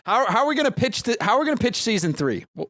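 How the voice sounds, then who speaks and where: A man hosting a live esports tournament, animated and quick to laugh as he chats with his co-caster. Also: very high voice, dry recording, studio quality. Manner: animated, laughs easily, excitable. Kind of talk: live esports commentary and banter.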